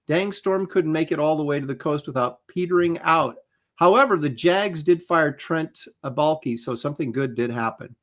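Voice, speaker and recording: A man's voice: a little high, a bit bright. Wry man in his sixties hosting. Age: 60s. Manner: wry, rambling through chat names. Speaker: host. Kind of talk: casual livestream chat.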